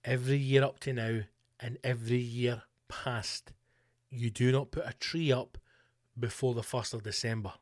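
A man's voice: mid-range voice, fairly even intonation, moderate pace. A Scottish man hosting a podcast, delivering a foul-mouthed comic rant with mock-political bluster. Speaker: podcast host. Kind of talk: comedic monologue. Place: home room.

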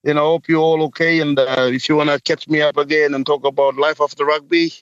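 A man from Papua New Guinea, a guest in a casual interview, talking haltingly with many fillers. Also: fairly high pitch, little pitch movement, clear, resonant tone, dry recording, dull audio.

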